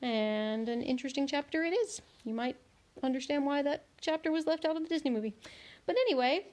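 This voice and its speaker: A woman reading a children's book aloud at home, with lively, expressive storytelling. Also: sits high, a little fast. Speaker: read-aloud host.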